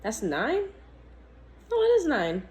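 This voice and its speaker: A woman's voice: fairly high pitch, huge pitch swings, takes it slowly, a little mellow, a little hiss or hum, rough recording. A woman reading tarot to camera in a casual, blunt and chatty way. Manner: blunt, scolding, chatty, laughs often. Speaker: tarot reader.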